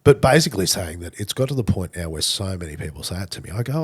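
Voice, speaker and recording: An Australian man hosting a podcast, telling stories in a blokey, joking and animated way. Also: low voice, fast, husky. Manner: animated storyteller, blokey and jokey. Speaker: podcast host. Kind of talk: casual podcast chat.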